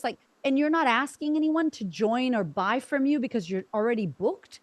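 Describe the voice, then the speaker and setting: A woman with an Australian accent, a sales trainer telling stories on an online training call with enthusiastic, animated delivery. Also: fairly high pitch, moderate pace, dry recording. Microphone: video call.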